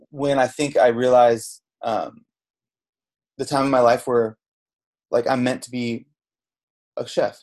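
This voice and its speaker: A man's voice: mid-range voice, darkish tone. A middle-aged man from Southern California, a chef and podcast guest, telling his story candidly in a rambling way, with restarts and quoted dialogue. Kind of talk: candid storytelling in a casual interview. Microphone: podcast microphone.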